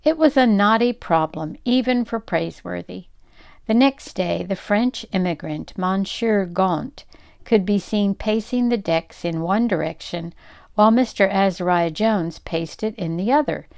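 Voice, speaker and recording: An older woman reading a children's novel aloud in an unhurried, gently expressive way. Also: mid-range voice, creaky, smooth. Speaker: read-aloud storyteller.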